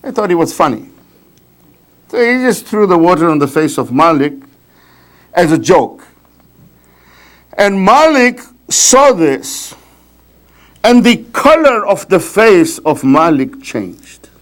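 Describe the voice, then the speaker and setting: A man giving a religious talk at a mourning gathering, telling a story with lively pacing and frequent tag questions like "right?". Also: sits high, takes it slowly, long pauses. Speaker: majlis speaker. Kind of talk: storytelling sermon.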